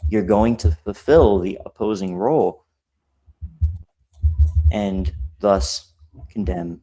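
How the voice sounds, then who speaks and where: A man explaining Bible passages in a casual study group, slowly repeating and restating his points. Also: lowish voice, lively intonation, mellow. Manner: slow, repetitive explaining with restarts.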